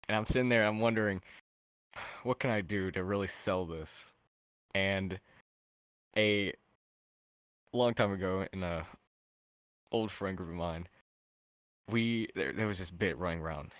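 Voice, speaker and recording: A man's voice: low voice, a little slow, pauses often, a bit bright, dry recording, poor audio. A man telling a casual, chuckling story as a guest on a voice-chat podcast.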